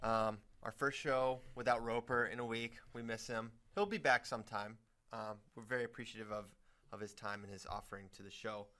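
A man hosting a podcast in casual, joking chat that grows loud when he gets excited. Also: lowish voice, a little fast. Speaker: podcast host.

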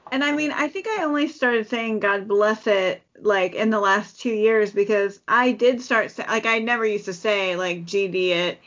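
A woman in relaxed casual chat, talking loosely with plenty of fillers. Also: medium pitch, normal speed, hardly any pauses. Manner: relaxed, chatty, many fillers. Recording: dull lo-fi sound.

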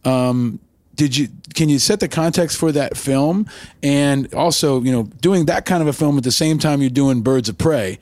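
A man's voice: mid-range voice, moderate pace, a little mellow, no room sound. A man hosting an interview, effusive and asking long, rambling questions. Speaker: host.

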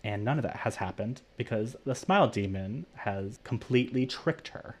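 A man's voice: on the low side, animated, moderate pace. A man co-hosting a podcast, casually retelling a film's plot in a rambling way full of "like". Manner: rambling, heavy use of "like". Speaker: podcast co-host. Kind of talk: casual movie recap.

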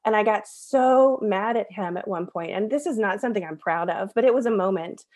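A woman's voice: mid-range voice, a little fast, darkish tone. A woman in her thirties, a podcast guest, telling a personal story in an earnest, conversational way and laughing at herself now and then.

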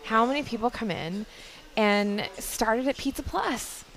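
A woman's voice: fairly high pitch, a crowd in the background. A woman co-hosting a local food podcast, upbeat and chatty as she talks with guests. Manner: upbeat, chatty, quick to laugh along. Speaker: podcast co-host. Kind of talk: casual interview chat.

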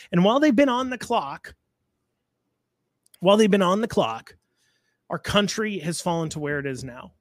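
A man's voice: sits high, dry recording, clean studio sound. A man giving blunt, sarcastic political commentary, with frequent fillers and restarts.

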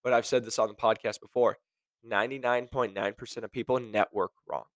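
A man's voice: mid-range voice, steady tone, fairly quick, dry recording. A man hosting a podcast, talking in a blunt, sarcastic rant to his listeners. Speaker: podcast host. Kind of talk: casual monologue.

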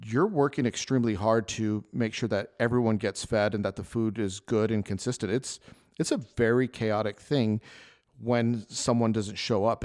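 A man's voice: on the low side, darkish tone. A man hosting a solo podcast, telling restaurant kitchen stories in a loose, rambling way with many restarts. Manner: rambling storytelling with frequent restarts and laughs. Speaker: podcast host, chef. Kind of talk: casual solo podcast monologue.

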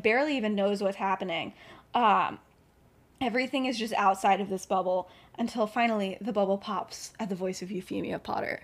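A woman hosting a podcast who retells a story in a chatty, casual way with many filler words. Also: a little high. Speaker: podcast host.

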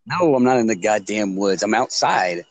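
A man's voice: lowish voice, expressive, moderate pace, no echo. A man co-hosting a podcast over a remote call from outdoors, chatting casually, laughing often and stammering on restarts. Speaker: podcast co-host. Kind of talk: casual banter. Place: outdoors at night among crickets.

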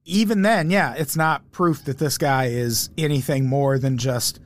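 A man's voice: medium pitch, a little slow. A man co-hosting a podcast, mocking a documentary in casual, sarcastic, profane chat. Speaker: podcast co-host.

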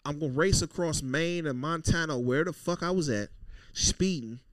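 A man co-hosting a podcast, telling stories loudly and profanely and acting out quotes in casual banter. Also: on the high side, moderate pace, dry recording. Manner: loud, profane, storytelling with acted-out quotes. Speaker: podcast co-host.

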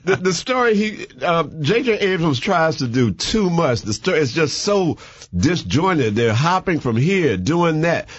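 A man talks casually about movies, wandering through his thoughts with restarts and fillers. His pitch swings widely as he gets animated. The recording is dry and slightly dull. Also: unhurried, dry recording. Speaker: movie reviewer on a talk show. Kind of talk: casual chat.

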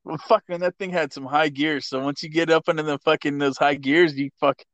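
A man's voice: a little high, fairly even intonation, a little fast, fairly bright tone, dry recording. A man in his forties chatting casually as a guest, laid-back and profane, laughing often. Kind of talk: casual storytelling chat.

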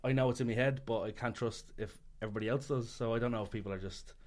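A man's voice: mid-range voice, very fast, darkish tone. A male filmmaker talking casually about his work, rambling, with lots of fillers and restarts. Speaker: filmmaker guest. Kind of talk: casual podcast conversation.

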